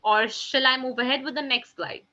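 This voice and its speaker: A woman teaches a French class online, speaking in a bright, sharp voice a little above the usual pitch. She repeats each French phrase twice and keeps calling her class "guys". The audio is slightly dull and lo-fi. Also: steady tone, a little fast. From India.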